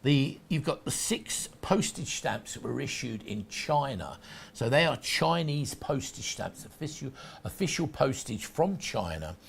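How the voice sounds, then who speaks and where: A man's voice: mid-range voice, big pitch swings, unhurried, creaky, slight background noise. A man hosting a shopping channel, talking through collectables in chatty, rambling sales patter with frequent restarts. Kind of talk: sales presentation.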